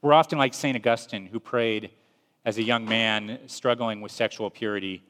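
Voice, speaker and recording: A man preaching a sermon in a measured, earnest storytelling manner. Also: lowish voice, steady tone, a bit bright. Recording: long reverb.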